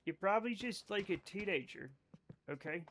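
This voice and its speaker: A man's voice: sits high, animated, moderate pace, a bit bright, slight background noise. A man streaming live, chatting casually with viewers in a rambling, joking, self-mocking way. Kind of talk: casual gameplay chat with viewers.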